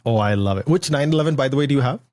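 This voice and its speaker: A man hosting a podcast, talking at an everyday middle pitch. He chats casually and reacts with eager enthusiasm. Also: lively intonation, very fast, a little mellow. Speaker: podcast host. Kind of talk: casual chat.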